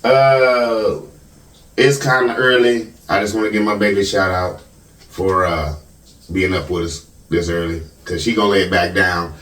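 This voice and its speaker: A man's voice: low-pitched, steady tone, moderate pace, a bit bright. A man hosting a casual talk show, greeting viewers by name as comments are read and reacting with easygoing laughter. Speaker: host. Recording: echoey room, mic at a distance.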